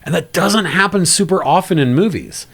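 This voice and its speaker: Lively, animated man discussing films. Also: husky. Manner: animated, bouncing pitch, quick asides. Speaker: film podcast co-host. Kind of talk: casual film discussion.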